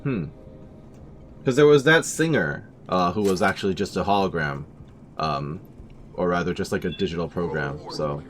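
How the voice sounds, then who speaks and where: A man's voice: sits low, moderate pace, a little hiss or hum. A man giving casual let's-play commentary with chatty, wry asides. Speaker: gaming channel host. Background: game music.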